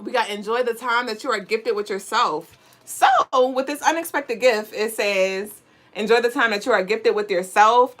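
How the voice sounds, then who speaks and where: Woman host, fairly high voice, playful and slangy, laughs loud, casual livestream tarot reading. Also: normal speed, slight background noise. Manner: playful, slangy, laughs loudly and often, reads chat aloud.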